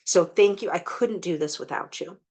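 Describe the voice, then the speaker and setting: A woman hosting an energy healing group on a video call. She intones blessings slowly and earnestly, then chats warmly with many "like"s. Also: lowish voice, slightly rough. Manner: slow, earnest incantation, then chatty with many "like"s. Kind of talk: guided healing invocation and group chat.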